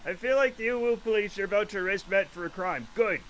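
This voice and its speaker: A man's voice: high voice, fast talker, a bit bright, slight background noise, low-quality recording. A man in his late forties chatting casually on a live stream, rambling, profane and self-mocking. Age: late 40s.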